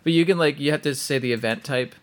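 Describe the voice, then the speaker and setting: A man's voice: a little high, quick pace, a bit bright, slight background noise. A man from Canada co-hosting a podcast in casual chat, rambling with fillers and laughing often. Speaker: podcast co-host.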